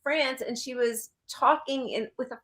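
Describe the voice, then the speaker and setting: Bright-voiced, blunt woman co-host. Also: high voice, fairly even intonation, measured pace. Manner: opinionated, blunt. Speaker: podcast co-host. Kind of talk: casual political chat.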